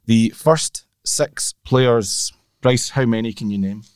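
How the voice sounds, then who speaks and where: A man leading a casual golf podcast with a wry, teasing manner. His voice has a middle pitch. It is recorded very dry and close. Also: slow pace, smooth, no echo. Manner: wry, teasing, leads the segments. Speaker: podcast co-host.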